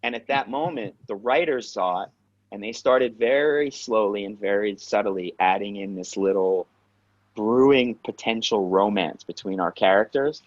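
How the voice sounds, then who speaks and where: A man with a New York accent, a guest actor telling stories in a direct, animated, casual interview way. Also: on the low side, moderate pace. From Queens, New York. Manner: direct, animated storyteller who swears. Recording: dull lo-fi sound.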